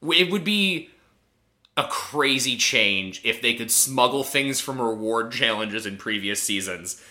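A man co-hosting a podcast, recapping a reality show in casual chat, animated and sarcastic, swearing freely. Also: mid-range voice, measured pace. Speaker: podcast co-host.

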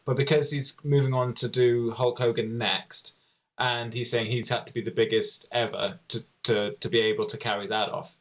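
Male co-host, mid pitch, hesitant, lots of fillers. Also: little pitch movement, normal speed, highs cut off. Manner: hesitant, lots of ums and likes. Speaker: podcast co-host. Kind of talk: casual chat.

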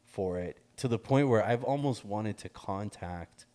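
Middle-aged guy with a low voice, spinning a loose, profane story with plenty of laughs. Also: measured pace. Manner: animated, laughs often, swears freely, acts out quotes. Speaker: guest telling a story. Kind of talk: casual storytelling chat.

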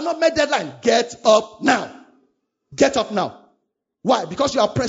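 A man preaching a sermon, urging his listeners with fervent, repetitive lines. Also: extremely high pitch. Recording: dull lo-fi recording.

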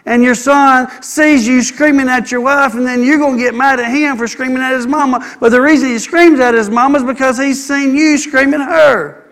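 Man, preacher, high voice, gravelly, animated sermon delivery. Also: moderate pace, long reverb tail. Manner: animated, acts out quoted people, calls for amen.

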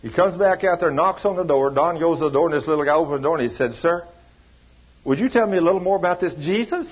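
A storytelling preacher, a man with a rather high, husky voice, who slips into the voices of the people in his tales. The recording sounds dull and lo-fi. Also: quick pace. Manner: storytelling preacher acting out dialogue in a folksy drawl. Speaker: pastor. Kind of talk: sermon.

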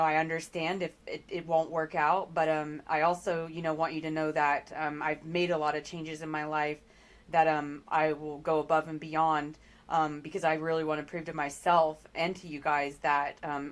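A middle-aged woman with a slightly low voice, speaking as a guest in an interview. She tells her story candidly and earnestly, pausing often on ums and restarting her sentences. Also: level tone.

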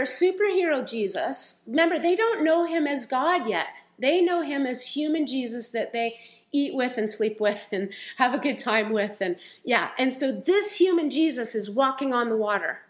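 Lively storytelling woman preacher. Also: high-pitched. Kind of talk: sermon.

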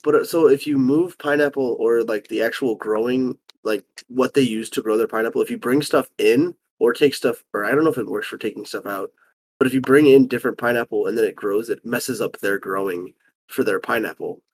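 A man's voice: medium pitch, fairly quick, a little mellow, slightly rough. A young man co-hosting a podcast who rambles through long explanations in casual chat. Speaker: podcast co-host. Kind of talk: casual chat among friends.

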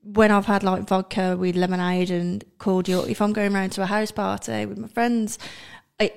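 A woman co-hosting a podcast, chatting in an animated, self-deprecating way. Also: medium pitch, normal speed, gravelly, clean tone. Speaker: podcast co-host. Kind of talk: casual interview chat.

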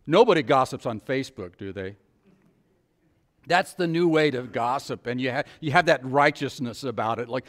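A man's voice: medium pitch, lively intonation, normal speed, fairly bright tone. Man preaching a conversational sermon. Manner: conversational preaching with rhetorical questions to the congregation. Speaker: pastor.

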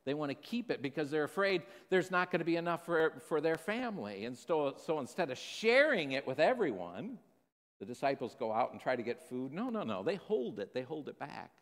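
A man preaching a sermon as pastor, telling stories and swinging from hushed lines to emphatic ones. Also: on the high side, very animated, fairly quick, long reverb tail. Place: church sanctuary.

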